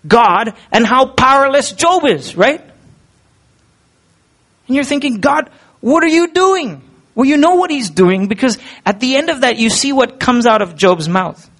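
High-voiced man preaching earnestly. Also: animated, a little slow, fairly bright tone. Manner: earnest, conversational preaching with rhetorical questions. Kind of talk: sermon.

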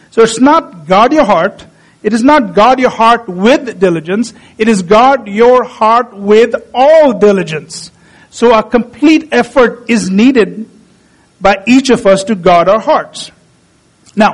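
A man delivers a sermon in a fairly high voice. He slows right down and repeats key phrases for emphasis. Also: low-quality recording. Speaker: preacher.

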